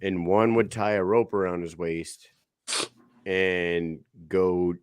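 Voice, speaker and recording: A podcast co-host who talks emphatically and with disbelief, swears and reads viewer comments aloud. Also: male voice, sits low, level tone, slow, clean tone, no room sound. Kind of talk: casual podcast chat.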